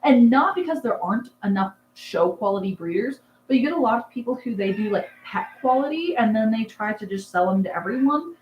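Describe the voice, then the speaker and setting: A woman's voice: fairly high pitch, animated, fairly quick, few pauses, echoey room, muffled recording, slight background noise. A young woman hosting a casual livestream, chatting and answering comments in a rambling, filler-heavy way. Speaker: livestream host, rabbit breeder. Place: dark barn at night.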